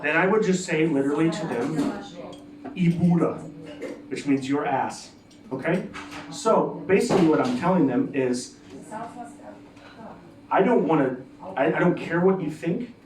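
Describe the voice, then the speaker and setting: A man's voice: a little high, lively intonation, normal speed, long pauses. A man doing a rambling stand-up set at a comedy night, with lots of restarts and asides. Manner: rambling, loose delivery with many restarts and asides. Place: comedy club stage. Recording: echoey room heard from a distance, with a crowd.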